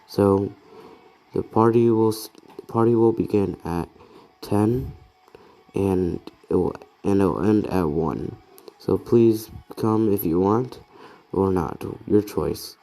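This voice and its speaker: A man's voice: on the low side, slow, vocal fry, dark tone. A man doing an upbeat teacher addressing a class.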